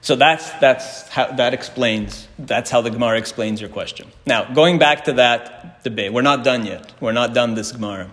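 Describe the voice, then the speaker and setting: A man leads a Talmud class at a steady middle pitch. He reads each Hebrew and Aramaic line aloud, explains it in English and turns to the room with questions. His voice rings with a long reverb, as in a hall. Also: moderate pace, hardly any pauses. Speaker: Torah teacher.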